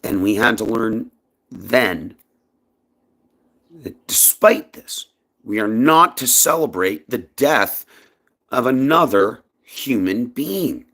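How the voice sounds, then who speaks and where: A man's voice: slow pace, pauses often. A man from Canada giving an impassioned personal monologue in his own vlog, speaking emphatically. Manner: emphatic, impassioned, lively swings in pitch. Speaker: vlogger.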